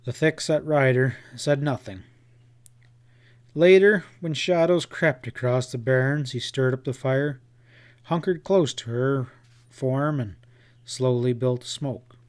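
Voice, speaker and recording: Male audiobook narrator for a western; slow, measured, mid-pitched delivery. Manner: measured, unhurried storytelling.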